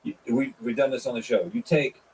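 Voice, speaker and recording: A man in his forties co-hosting a podcast, laying out show ideas in relaxed chat. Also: medium pitch, a little fast, distant mic, a little hiss or hum, rough recording. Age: 40s. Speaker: podcast co-host.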